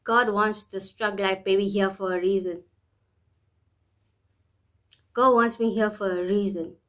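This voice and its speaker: A woman's voice: mid-range voice, steady tone, normal speed, fairly bright tone. A woman vlogging in a candid, rambling way, often repeating herself and speaking openly about private matters. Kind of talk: candid personal vlog talk.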